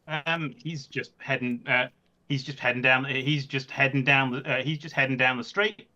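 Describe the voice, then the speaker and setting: A man narrating as game master, talking in halting bursts with many fillers. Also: medium pitch, fairly even intonation, sharp tone. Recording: dull lo-fi mic.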